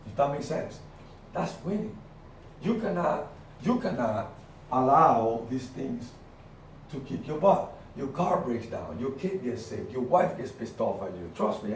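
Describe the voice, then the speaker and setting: A middle-aged man giving an energetic, emphatic motivational talk to his team, telling stories with punchy repetitions. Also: mid-range voice. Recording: very echoey room, far from the mic, faint noise.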